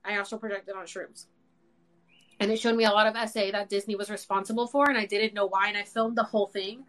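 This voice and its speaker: Young woman, host, excitable, swears a lot, heavy filler words, mid pitch. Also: fast talker. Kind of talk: casual chat.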